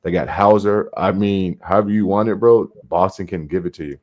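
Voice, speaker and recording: Male co-host, very deep voice, easygoing sports debate. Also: fairly quick, darkish tone. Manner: easygoing, calls others bro. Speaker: podcast co-host. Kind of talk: casual sports chat.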